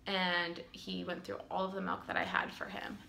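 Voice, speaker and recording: A woman's voice: lowish voice, little pitch movement, normal speed, gravelly, pushed and bright, slight background noise. A woman in her twenties earnestly telling her own birth story at home, with frequent ums. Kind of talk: casual storytelling to camera. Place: home room.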